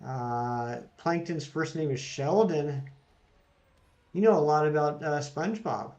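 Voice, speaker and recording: A man's voice: on the high side, slow, a little mellow, muffled recording. A man running a casual live stream, reading out jokes from chat and greeting viewers by name as he plays.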